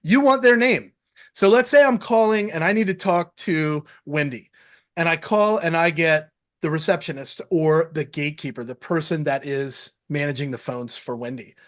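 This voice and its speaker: Male sales-show host, slightly high voice, lively and casual, acts out call dialogues. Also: moderate pace. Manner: animated, acts out phone dialogues, casual slang. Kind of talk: energetic live-show coaching.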